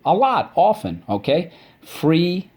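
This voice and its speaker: A man's voice: fairly low pitch, darkish tone. Patient man teaching a spelling lesson. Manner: patient, repeats "okay?" after each point; drawn-out syllable drills.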